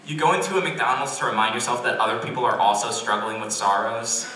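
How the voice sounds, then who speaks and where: A man's voice: medium pitch, very noisy. Awkward young man doing stand-up. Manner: awkward, self-deprecating, halting restarts. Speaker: stand-up comedian. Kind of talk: stand-up comedy set. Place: college comedy club stage. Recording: roomy distant club recording. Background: audience laughter.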